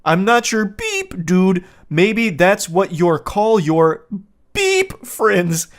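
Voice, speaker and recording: A man's voice: high voice, wildly swooping pitch, very slow, exaggerated voice. A man voicing a petulant, childish young man in an indignant, whiny rant.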